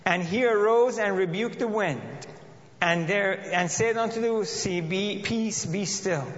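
A man's voice: sits high, a little slow. A man preaching a sermon and reading scripture aloud, earnest, often repeating and restarting phrases. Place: church. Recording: dull lo-fi audio in a reverberant hall.

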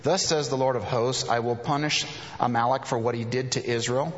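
A man's voice: medium pitch, fairly even intonation, a little fast. A man preaching a sermon, reading scripture aloud and breaking off to explain and paraphrase it. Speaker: pastor. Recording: reverberant hall, dull lo-fi sound.

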